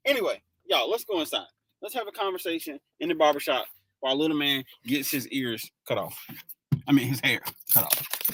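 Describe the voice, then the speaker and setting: A man hosting a motivational live stream in casual chat, animated and joking, laughing often. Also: a little high, moderate pace, long pauses, husky, dry recording, poor audio.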